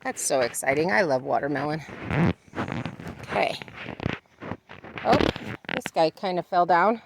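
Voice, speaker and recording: A woman who vlogs about homesteading narrates casually to the camera from her farm, chatting and singing out to her animals. Her low, creaky voice is animated yet a little slow, and the background is noisy.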